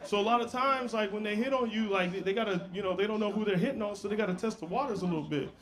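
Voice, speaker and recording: A man's voice: high voice, rapid-fire, a bit bright. A man doing a stand-up comedy set, telling stories in a brash, playful way with asides to the crowd.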